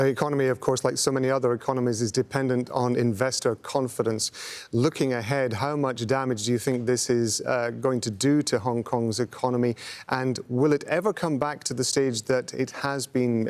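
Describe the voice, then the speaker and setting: A man's voice: medium pitch, steady tone, moderate pace, a little mellow. A man anchoring a broadcast news interview, asking questions in a polite, formal way.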